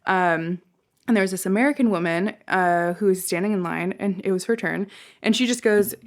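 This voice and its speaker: A woman's voice: medium pitch, normal speed. Chatty young woman telling stories. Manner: chatty storyteller, acts out quoted people, laughs often. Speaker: podcast co-host. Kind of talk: casual chat.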